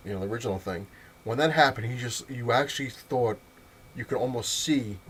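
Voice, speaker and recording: A man's voice: medium pitch, slight background noise. Rambling man telling a story. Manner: rambling, full of fillers and restarts; laughs often while telling the story. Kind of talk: casual storytelling vlog.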